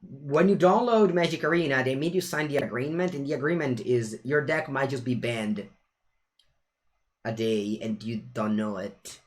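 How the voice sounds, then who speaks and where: A young Italian-accented man, originally from Italy, chats casually with his viewers as he streams a card game, his medium-pitched voice moving at normal speed. He's animated and talkative, dropping Italian phrases in among the English.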